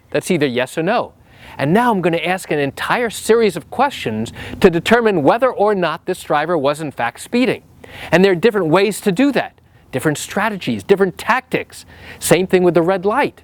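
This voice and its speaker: A man's voice: sits high, sing-song, normal speed, no room sound. A lawyer explaining courtroom practice straight to camera, acting out the trial exchanges in his own voice. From New York.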